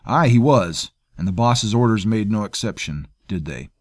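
A man's voice: medium pitch, lively intonation, normal speed, no room sound, pitched above the performer's own voice, close to an everyday voice. A man voicing a coarse, sneering male mercenary with a taunting, mocking way of talking.

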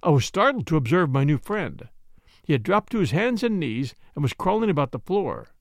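A man who hosts a podcast and narrates a classic mystery novel in a smooth, measured storytelling voice. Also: fairly high pitch, big pitch swings, dry recording, clean studio sound.

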